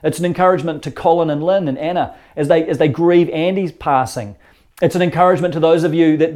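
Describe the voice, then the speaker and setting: A man delivering a sermon in an earnest, conversational way, often repeating words mid-thought. His voice sits a little high yet sounds mellow and soft-edged. He tells the story like he is chatting with his congregation. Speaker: pastor.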